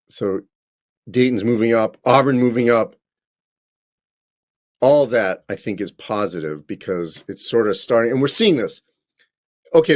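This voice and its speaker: On a live stream, a male college basketball correspondent responds to viewer questions in a chatty way, peppered with ums and fast self-corrections. His pitch sits on the low side.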